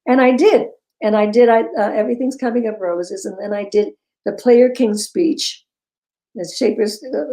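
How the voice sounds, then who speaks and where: Lively older woman, mellow voice. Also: a little high, moderate pace, rough recording. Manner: animated storyteller, breaks into laughter. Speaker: guest. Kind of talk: casual interview chat.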